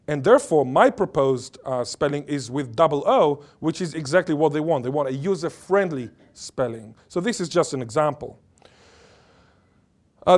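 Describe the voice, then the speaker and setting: A man's voice: a little high, darkish tone. A man giving an academic lecture as a linguist, emphatic and playful, fond of wordplay and of putting questions to the audience. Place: lecture or workshop before an audience.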